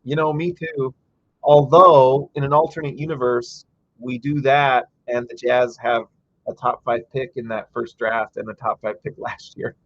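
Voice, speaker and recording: Husky-voiced man ranting on a stream. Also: mid-range voice, fairly even intonation, unhurried, dry recording, lo-fi sound. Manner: chatty, reads viewer comments aloud, rants in bursts. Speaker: livestream host. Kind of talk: casual live game-watch commentary.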